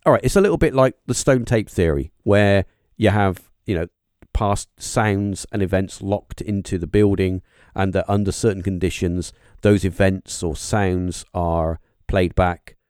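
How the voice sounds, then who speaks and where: A man hosting a podcast interview, talking in a halting, musing way with lots of fillers and restarts. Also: low-pitched, darkish tone, smooth, dry recording, studio quality. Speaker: podcast host. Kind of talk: casual interview chat.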